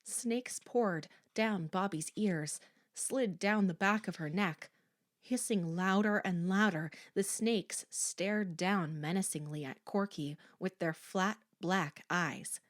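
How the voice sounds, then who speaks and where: A woman narrating a horror audiobook in a slow, hushed, suspenseful manner. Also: on the low side, no room sound, studio quality.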